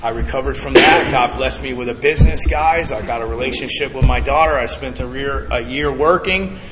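A man's voice: medium pitch, a little fast, background noise. A man sharing his recovery story to a live group at a twelve-step meeting, earnest and emphatic, often calling the crowd guys. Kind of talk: personal testimony to a live group. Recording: echoey hall with background ambience.

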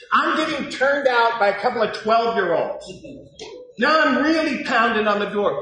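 A man giving a confessional recovery testimony, acting out his own shouting and hushed prayers as he tells it. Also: very high-pitched, very animated, moderate pace. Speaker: recovery speaker. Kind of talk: personal testimony talk. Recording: very echoey hall with faint noise.

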